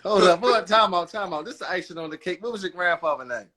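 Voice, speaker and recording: A laid-back man from Maryland co-hosts a relaxed discussion, easygoing and slangy, with a chuckle never far off. His voice sits a little high for a man. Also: quick pace, very noisy. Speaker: co-host. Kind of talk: casual talk-show chat.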